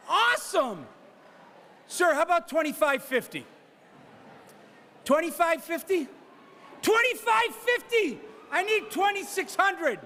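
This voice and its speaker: Hyped-up guy auctioneering at a gala, teasing folks, yelling bids, voice way up high and jumping all over. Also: a little hiss or hum. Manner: energetic, teasing, shouts bids and whoops. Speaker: charity auctioneer. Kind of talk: live auction calling. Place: banquet hall at a charity gala.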